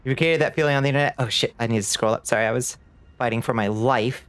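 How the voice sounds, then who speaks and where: This live streamer has a mid-range voice that is smooth and fast, recorded with no echo. He chats casually with his viewers while gaming, playfully greeting chat warmly and laughing often with a light lilt, and faint music can be heard behind him.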